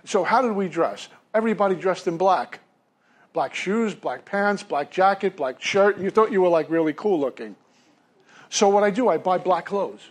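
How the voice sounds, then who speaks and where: A man's voice: high-pitched, expressive, normal speed. A man from Brooklyn, telling his recovery story to a meeting from a podium in a self-deprecating way. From Brooklyn, New York. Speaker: recovery speaker.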